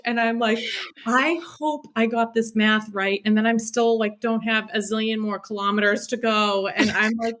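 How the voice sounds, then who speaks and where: Woman guest in her thirties, lively emotional storyteller, swears freely, fairly high voice. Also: normal speed. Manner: animated, emotional, swears freely, acts out her own quotes. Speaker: podcast guest. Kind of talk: casual storytelling.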